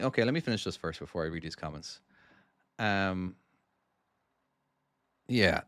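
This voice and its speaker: A middle-aged man with a softened Irish accent, chatting to his live-stream audience while playing his own trucking game. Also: fairly low pitch, animated, normal speed, pauses often, dry recording, studio quality. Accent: Irish, softened by years in the US. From Ireland. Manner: rambling and chatty, talking to chat while driving.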